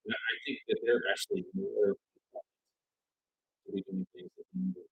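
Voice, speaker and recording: A man co-hosting a casual chat, easygoing, with quick agreeing interjections. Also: lowish voice, wildly swooping pitch, gravelly, roomy sound, phone-quality sound. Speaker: co-host.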